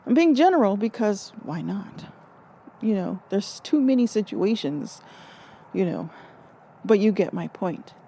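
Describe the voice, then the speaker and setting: Woman speaker, earnest reflective monologue, warm mellow voice, mid pitch. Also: sing-song, unhurried, vocal fry, long pauses, breathy edge. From Alaska. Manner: earnest, restarts and rephrases, acts out quoted voices. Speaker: spiritual speaker.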